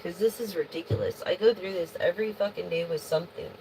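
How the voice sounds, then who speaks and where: Casual tarot reader, woman, low gravelly voice, rambling and profane, hiss behind her. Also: fast. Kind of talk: casual tarot reading stream.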